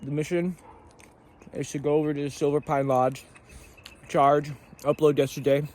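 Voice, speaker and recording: Talking into a handheld camera at a forest campsite, this male thru-hiker vlogs casually with slang and easy laughs. His voice is fairly high and a little mellow, with a level tone and normal speed.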